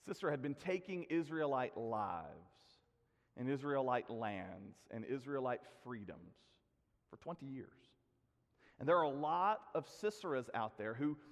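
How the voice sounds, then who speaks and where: A man preaching a sermon, telling stories and letting his phrases sink to a hush. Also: mid-range voice, big-room sound. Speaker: pastor.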